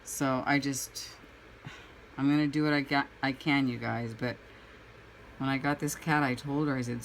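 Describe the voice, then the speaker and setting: A woman's voice: very deep voice, normal speed, a bit bright, slight background noise, rough recording. A woman chatting casually while painting at home, a rambling storyteller who acts out her own reactions. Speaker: crafting vlogger.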